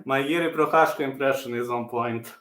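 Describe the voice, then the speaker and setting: Man, casual live-stream host, bright tone, roomy echo, repeats himself. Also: medium pitch, a little fast. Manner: chatty, repeats himself, answers viewers. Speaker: channel host.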